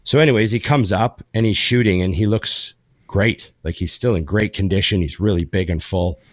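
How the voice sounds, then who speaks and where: A man's voice: sits low, moderate pace, no room sound, studio quality. A man co-hosting a podcast, telling a story in casual chat and swearing freely. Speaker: podcast co-host.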